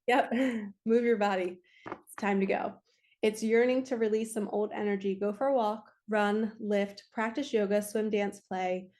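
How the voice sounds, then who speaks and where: A woman's voice: mid-range voice, fairly even intonation, a little slow, darkish tone. Earnest woman giving a spiritual reading. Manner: earnest, emotional, spiritual-coaching talk. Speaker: spiritual card reader. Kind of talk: casual tarot-style energy reading.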